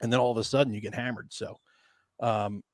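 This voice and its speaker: A man's voice: mid-range voice, steady tone, fairly quick, dry recording, studio quality. A man co-hosting a board game stream in casual chat, laughing often and acting out remembered lines.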